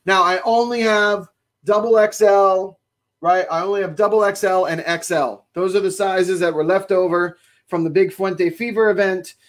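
Upbeat, fairly high-voiced cigar shop host. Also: male voice, steady tone, normal speed. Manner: chatty and enthusiastic, exclaims often. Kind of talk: casual livestream chat reading viewer comments.

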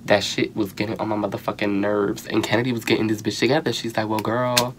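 A young man giving casual, sassy and profane commentary on a reality show, animated and quick to exclaim. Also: fairly low pitch, background noise. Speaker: reality TV reviewer.

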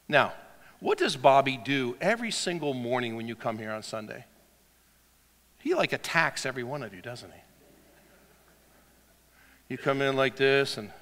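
A male pastor preaching a sermon in a church, dramatic and animated, swinging from loud shouts to hushed whispers. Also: medium pitch, moderate pace, long pauses, long reverb tail.

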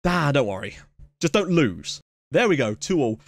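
A man hosting a let's play, giving excitable running commentary on a match with sudden yelps at big moments. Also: a little high, a little fast, dry recording, clean studio sound. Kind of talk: casual gameplay commentary. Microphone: camera mic.

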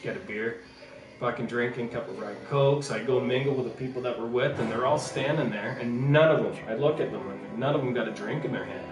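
A man's voice: medium pitch, fairly quick. A middle-aged man with a Canadian accent, chatting casually and profanely while gaming and telling rambling stories. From Ontario, Canada. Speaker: streamer. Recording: roomy, distant mic with game music. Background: video game music.

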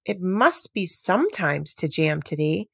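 Storybook girl, civil and earnest, read by a woman, husky, dry sound. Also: lowish voice, big pitch swings, measured pace, fairly bright tone, no room sound, exaggerated voice. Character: polite, curious young girl.

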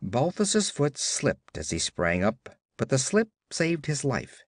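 A man narrating an audiobook with dramatic, expressive storytelling. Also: medium pitch, takes it slowly, no room sound, clean studio sound.

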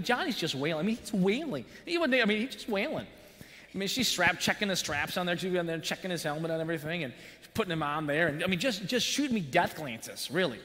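Lively, bright-voiced male preacher. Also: sits high. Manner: animated storyteller with buzzing sound effects. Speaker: pastor. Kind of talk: sermon with a personal story. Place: church sanctuary. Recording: long church-hall reverb.

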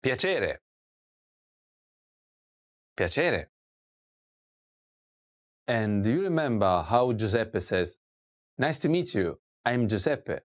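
A woman giving a scripted language lesson, asking slow drill prompts and repeating each word clearly. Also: extremely low pitch, very animated. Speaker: language teacher.

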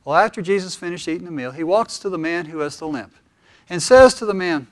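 A male pastor delivers a sermon with lively, conversational storytelling. His voice sits notably high for a man. He moves easily between joke and teaching. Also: brisk.

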